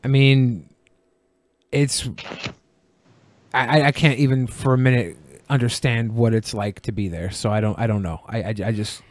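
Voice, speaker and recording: A man's voice: medium pitch, steady tone, no room sound. Podcast guy cracking jokes, stammers a lot, dry close sound. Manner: joking, halting, with loud mocking bursts. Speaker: podcast co-host. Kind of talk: casual chat.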